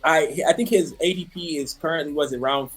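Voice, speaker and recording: A man's voice: a little high, a little fast, breathy edge. A man co-hosting a casual fantasy football podcast, talking hesitantly with many restarts and steering the discussion. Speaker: podcast co-host.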